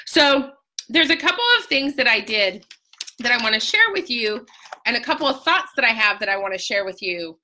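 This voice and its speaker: Bright, animated woman telling a personal story. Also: normal speed, a little hiss or hum. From Utah. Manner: emotional, animated storytelling with sudden high-pitched outbursts; greets viewers by name mid-story. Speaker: life coach sharing a personal story. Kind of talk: casual live video talk to viewers.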